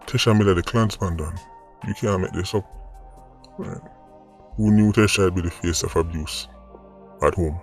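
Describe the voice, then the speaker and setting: Jamaican man, low voice, opinion vlog host, rhetorical, faint music behind. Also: moderate pace, pauses often. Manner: argumentative, rhetorical "right?" asides. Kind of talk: opinion commentary.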